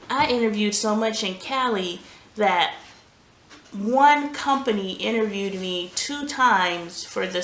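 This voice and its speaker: A woman's voice: mid-range voice, fairly bright tone. A woman vlogger and mother telling candid stories in casual chat while doing laundry at home. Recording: roomy home echo, faint noise.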